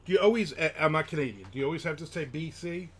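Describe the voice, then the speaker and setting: A man's voice: a little high, fast talker, a little hiss or hum. A man hosting a casual live stream, chatting and reading viewer comments aloud as he rambles from topic to topic. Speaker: livestream host.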